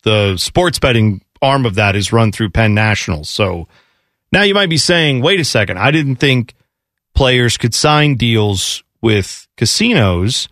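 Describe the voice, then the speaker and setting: Animated teasing male podcast co-host. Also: mid-range voice, unhurried, no room sound, studio quality. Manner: teasing, mimics accents for laughs. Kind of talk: casual sports talk banter.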